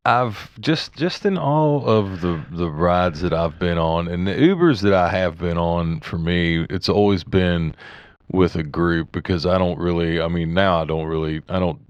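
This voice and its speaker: Deep voiced podcast guy chatting, relaxed, swears casually, a bit muffled. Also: measured pace, smooth, no room sound. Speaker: podcast co-host. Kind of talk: casual chat.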